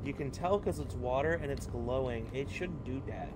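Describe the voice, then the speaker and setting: A man's voice: medium pitch, normal speed, noisy background. A young man playing a video game with friends, laid-back and matter-of-fact. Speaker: gamer. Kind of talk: casual gaming chat with friends.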